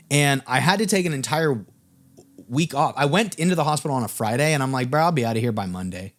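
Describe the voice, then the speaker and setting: A man's voice: medium pitch, animated, fast. A young man, a music business coach, tells a personal story to camera in a casual way, full of fillers and swearing.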